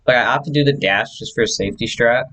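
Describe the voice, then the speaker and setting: A man's voice: mid-range voice, fast, bright, forceful tone, low-quality recording. A man who speedruns, casually explaining his own run over replay footage, chatty and correcting himself as he goes.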